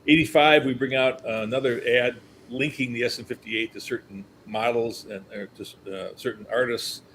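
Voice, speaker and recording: An older man, a company historian appearing as a guest, tells lively anecdotes from his career at a moderate pace, acting out what others said and chuckling along. His pitch is mid-range for a man. The audio quality is poor, with a faint hiss underneath.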